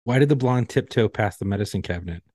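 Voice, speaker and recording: A man's voice: fairly low pitch, fast talker, a little mellow, slightly rough, no room sound. Man with dry close sound, blunt jokes. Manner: blunt crude punchlines. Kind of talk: casual chat.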